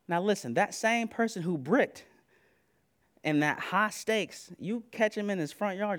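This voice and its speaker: Animated high-voiced male preacher. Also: a little slow. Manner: animated, conversational, slangy and laughing; repeats "listen" to press points. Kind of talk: sermon.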